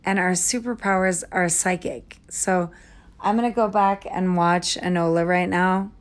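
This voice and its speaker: A woman hosting a podcast, rambling through tangents as she processes her thoughts out loud into her phone. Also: lowish voice, fairly even intonation, a little slow. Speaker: podcast host and online English tutor. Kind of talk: rambling spoken-aloud voice memo. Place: home, Minnesota.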